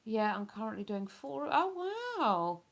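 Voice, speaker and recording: A woman's voice: medium pitch, lively intonation, measured pace, vocal fry. A woman with a chatty, rambling manner, hosting a casual live stream and reading out viewer comments. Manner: chatty, rambling, with many fillers.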